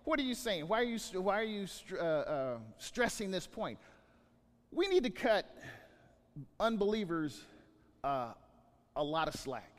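A man preaching a sermon as pastor, animated, often repeating words as he acts out scenes. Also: high-pitched, a little slow, pauses often, big-room sound.

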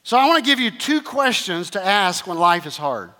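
A man's voice: high-pitched, very animated, normal speed, sharp tone, in a large hall. A man preaching a sermon, repeating phrases emphatically and calling the congregation to respond. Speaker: pastor.

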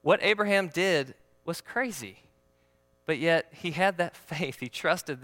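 A man's voice: a little high, animated, slow, fairly bright tone, long reverb tail. A man preaching a sermon as pastor, in a conversational, joking way that asks the audience questions.

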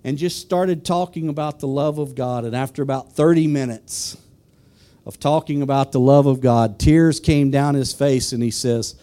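A man's voice: mid-range voice, normal speed, warm tone. A man preaching a sermon who asks the congregation questions and then tells a personal story.

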